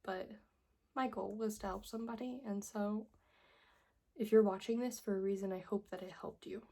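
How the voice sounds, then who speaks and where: Emotional young woman, husky and gravelly. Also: mid-range voice, steady tone, normal speed, mellow. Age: young adult. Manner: emotional, earnest, pleading. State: tearful. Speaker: vlogger. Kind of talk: personal story vlog.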